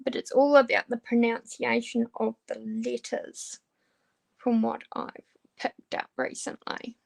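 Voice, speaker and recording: Woman chatting w viewers while crafting, slow, lots of ums, bit of vocal fry. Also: a little high, flat delivery. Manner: hesitant, many ums and restarts. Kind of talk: casual chat while diamond painting.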